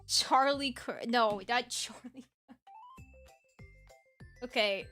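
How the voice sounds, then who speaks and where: Giggly high-voiced young woman gamer. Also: drawn-out words, pushed and bright. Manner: giggly, playful, chatty. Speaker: gaming YouTuber. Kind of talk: casual gameplay commentary. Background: game music.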